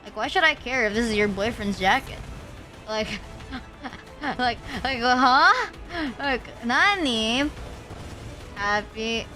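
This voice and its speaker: A woman's voice: on the high side, animated, slow pace, long pauses, pushed and bright, soft background music. A young woman streamer from the Philippines, rambling through a story in casual chat, swearing often and saying "like" a lot. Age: young adult.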